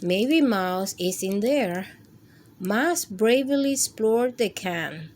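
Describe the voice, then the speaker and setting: A woman reading picture books aloud to children with a gentle, expressive storytime manner. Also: mid-range voice, slow, a little hiss or hum. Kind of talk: read-aloud storytime for kids.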